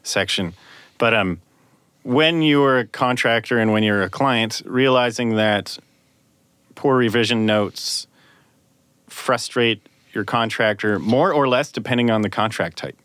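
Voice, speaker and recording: A man who works as a sound designer, hosting a casual podcast chat and explaining things in a measured way. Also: medium pitch, a bit bright, clean tone, no room sound.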